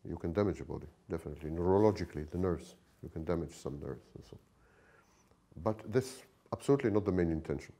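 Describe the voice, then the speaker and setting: A man with a lowish voice and a dark, mellow tone gives a long, lecturing answer in an interview. He pauses often and restarts his phrases as he builds his points. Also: lively intonation. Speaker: interview guest.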